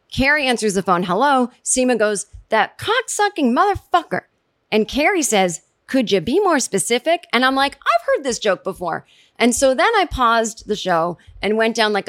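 A woman hosting a podcast, chatting casually and animatedly, jumping into high voices when she quotes people. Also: fairly bright tone, dry recording, studio quality. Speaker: podcast host recapping a TV episode. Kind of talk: casual chat.

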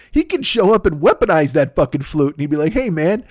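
A man's voice: high voice, big pitch swings, brisk, darkish tone, dry recording, clean studio sound. A man on a comedy podcast, riffing in a rambling, profane monologue, laughing at his own jokes and acting out voices.

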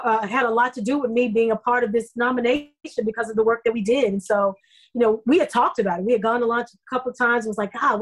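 A middle-aged woman, a soap opera actress, telling stories in a casual interview, effusive and animated with many fillers. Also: a little high, low-quality recording.

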